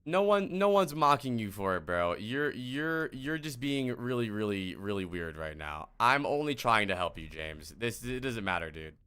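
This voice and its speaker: A man's voice: medium pitch, big pitch swings, moderate pace, few pauses, bright, forceful tone, clear, resonant tone. A young man streaming as a game coach, talking casually in an exasperated, rambling way, with lots of swearing and restarts.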